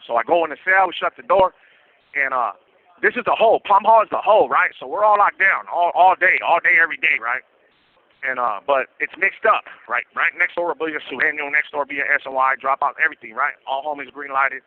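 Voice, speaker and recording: Fast-talking man on a tinny phone line. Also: on the high side, no echo. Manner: streetwise slang, acts out quoted voices. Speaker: guest telling prison stories. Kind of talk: casual storytelling over the phone.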